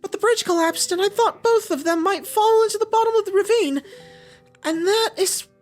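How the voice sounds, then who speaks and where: A man voicing a shy, gentle teenage girl in falsetto, with soft, hesitant, apologetic speech that comes out slightly British. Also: moderate pace, soft background music. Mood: timid.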